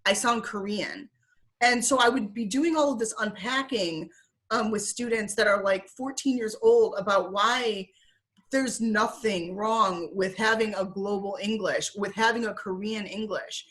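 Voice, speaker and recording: Chatty woman telling stories on a call. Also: medium pitch. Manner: animated, filler-heavy with frequent "like" and quick laughs. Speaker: interview guest, former teacher. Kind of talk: casual conversational storytelling. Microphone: video call.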